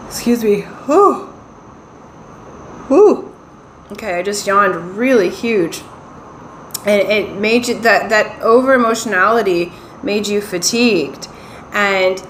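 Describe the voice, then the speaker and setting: A woman giving a pick-a-card tarot reading, talking in an unhurried, reassuring way and often checking in with her listeners. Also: mid-range voice, fairly bright tone. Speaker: tarot reader. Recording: roomy echo, faint ambient noise.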